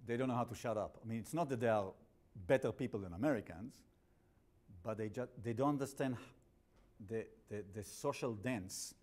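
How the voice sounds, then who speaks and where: Guy teaching a class, accented english, blunt and jokey, lots of restarts, mid pitch. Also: moderate pace, a little mellow. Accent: non-native English. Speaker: instructor. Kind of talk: classroom lecture.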